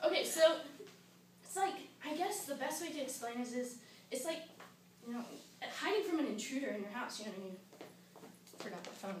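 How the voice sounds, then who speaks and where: A young woman with a high voice gives a sarcastic, comic complaint speech in a classroom. She breaks into shrill, panicked impressions of the people she mocks. The recording is very echoey and noisy, with the mic set well away from her. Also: animated, a little fast, pauses often, far from the mic. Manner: sarcastic, acts out panicked quotes. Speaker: student giving a speech.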